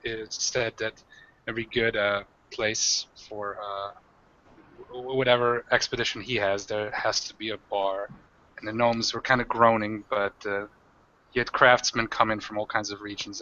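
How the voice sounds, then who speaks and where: A man's voice: fairly low pitch, little pitch movement, unhurried, sharp tone, highs cut off. A man narrating as game master of a tabletop game, in a rambling way with many fillers.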